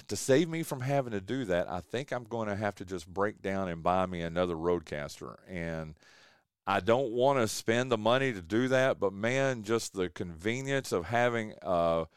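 A man hosting a casual sports radio show from his home studio. He talks in an excitable, rambling, folksy way. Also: fairly low pitch, moderate pace, smooth, no room sound.

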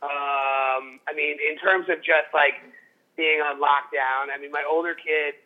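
A man's voice: fairly high pitch, steady tone, unhurried. A middle-aged man and father co-hosting a podcast, chatting casually in a rambling, self-interrupting, profane way. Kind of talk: casual comedic chat. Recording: tinny phone-line audio.

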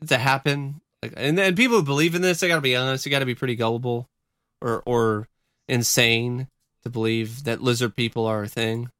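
A man's voice: mid-range voice, steady tone, a little fast, fairly bright tone, smooth, dry recording, clean studio sound. A man co-hosting a casual podcast, rambling and joking, sometimes hunting for words. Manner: rambling, joking, swears, trails off looking for words. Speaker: podcast co-host. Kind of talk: casual chat.

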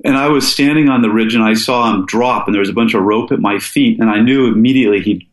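A low-voiced older man from Alaska who tells an adventure story as a podcast guest. He is earnest and often stops to restart his sentences. The room around him sounds echoey. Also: quick pace. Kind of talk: casual storytelling interview.

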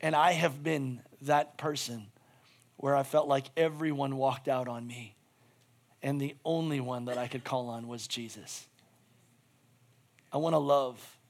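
A man preaching a sermon as pastor, animated and casual, swinging between loud bursts and hushed asides. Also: medium pitch. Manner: casual, with many "like" fillers.

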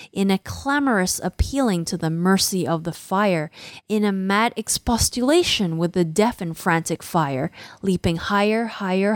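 A woman's voice: medium pitch, no room sound, studio quality. A woman teaching a poem. She reads it aloud with rhythmic emphasis, lingering on repeated words, then explains its language. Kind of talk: dramatic poetry recitation and literary analysis.

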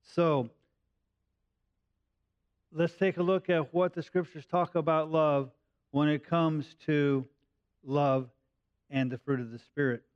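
A man, likely middle-aged, preaching a sermon in a halting way, with frequent pauses and fillers. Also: on the high side, fairly even intonation, smooth, dry recording, lo-fi sound. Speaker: pastor.

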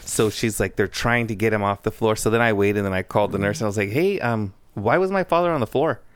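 A man telling a long family story in casual conversation, animated and acting out the dialogue he quotes. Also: on the low side, fast talker, dry recording.

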